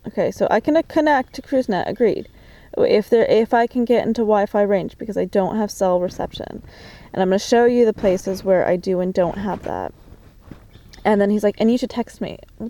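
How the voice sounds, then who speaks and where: A woman talking to a phone camera in a diary-like monologue, agitated and suspicious, swearing often, with many fillers and halting restarts. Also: medium pitch, warm tone.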